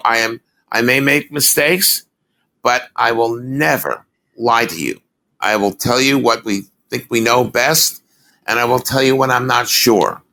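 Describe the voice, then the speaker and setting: An older man speaks as an expert guest on a podcast, earnest and readily agreeing. His voice has a gravelly rasp and a bright, forceful edge. He talks in an unhurried, conversational way. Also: medium pitch. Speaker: public health expert guest.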